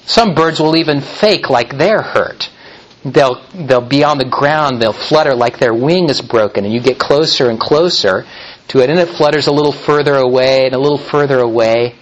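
A man preaching a sermon in a slow, deliberate way, now and then turning to speak directly to the children. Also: medium pitch, low-quality recording. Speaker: pastor.

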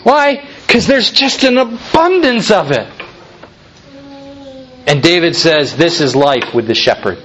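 A male preacher delivers a sermon in a high, animated voice that swoops up and down. He leans hard on rhetorical questions and builds to fervent, emphatic peaks. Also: takes it slowly, long pauses, slight background noise. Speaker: pastor.

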